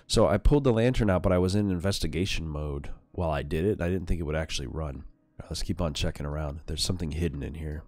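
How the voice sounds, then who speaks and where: A man commentates casually as he streams a horror game, blunt and quick to swear, often reading the on-screen text aloud. His voice is low, and the recording is dry and close. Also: fairly even intonation, darkish tone, no echo.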